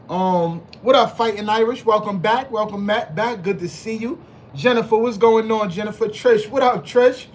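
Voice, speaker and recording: A man with a high voice hosts a casual live stream, sounding hyped and slangy as he greets chat members by name and repeats his phrases. There's slight background noise.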